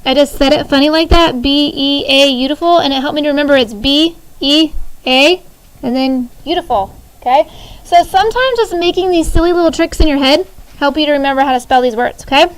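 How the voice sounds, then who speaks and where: A woman teacher in her thirties in a classroom, leading a spelling drill, spelling each word slowly letter by letter and giving firm instructions. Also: sits high, poor audio. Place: school classroom.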